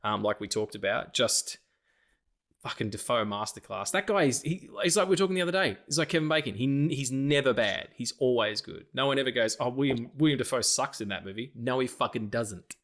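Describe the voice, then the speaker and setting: A man co-hosting a casual film podcast, his voice sitting in an ordinary middle pitch. He talks in an animated way, swearing freely and slipping into quick impressions of the movie lines he quotes. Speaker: podcast co-host.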